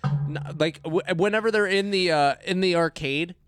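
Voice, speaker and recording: A man's voice: high voice, moderate pace, a bit bright, soft background music. A man co-hosting a movie podcast, chatting casually, laughing often and acting out quotes from the film. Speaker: podcast co-host. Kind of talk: casual movie review chat.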